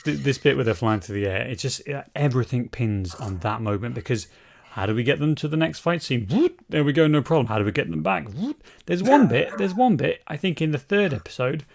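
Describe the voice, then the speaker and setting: A man co-hosting a podcast in casual, animated chat, swearing and laughing as he talks. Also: on the high side, creaky, slight background noise. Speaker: podcast co-host.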